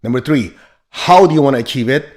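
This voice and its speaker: A man's voice: medium pitch, fast talker. A man giving a motivational teaching talk as a spiritual teacher, blunt and emphatic, joking and laughing as he drives points home.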